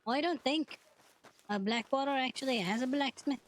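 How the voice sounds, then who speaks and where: A woman's voice: high-pitched, moderate pace, slight background noise. A woman streamer chatting casually during a roleplay game, easygoing and trailing off mid-sentence.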